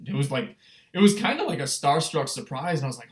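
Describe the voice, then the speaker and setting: A young man telling a story on a casual livestream, rambling and excitable, full of fillers and restarts. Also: fairly high pitch, a little fast. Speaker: streamer.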